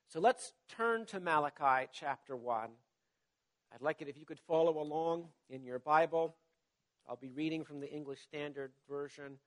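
A man preaching a sermon to his congregation and reading scripture aloud, measured and emphatic, his voice dropping away at the end of phrases. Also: on the high side. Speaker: pastor.

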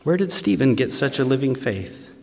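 A man preaching a sermon with earnest conviction, dropping to hushed tones and then rising to emphatic, raised passages. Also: medium pitch, expressive, normal speed, creaky. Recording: long reverb from a large hall.

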